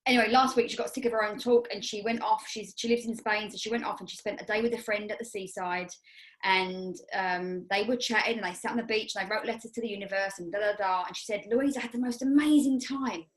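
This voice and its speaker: A woman's voice: medium pitch, steady tone, quick pace, fairly bright tone, poor audio. A woman with an English accent, co-hosting a podcast as a life coach, talking in a rambling, chatty way with frequent restarts. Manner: rambling, self-correcting, chatty. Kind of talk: casual chat.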